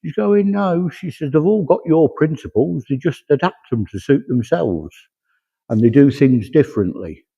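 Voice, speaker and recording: A man working as a medium at a church service, chattily passing on spirit messages with a steady run of "he says". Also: on the high side, normal speed, vocal fry, slightly rough. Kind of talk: platform mediumship demonstration. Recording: echoey hall, dull lo-fi sound.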